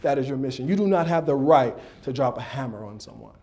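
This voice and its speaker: A man giving a motivational speech at a dinner. He tells animated stories, throws questions at the audience and adds sound effects. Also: medium pitch, fast talker. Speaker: motivational speaker and coach. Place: dinner banquet.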